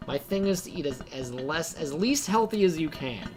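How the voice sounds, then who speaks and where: A young man commenting live on his own gameplay, excitable, rambling and poking fun at himself. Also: a little high, moderate pace, over music. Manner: excitable, rambling, self-mocking. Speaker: game streamer.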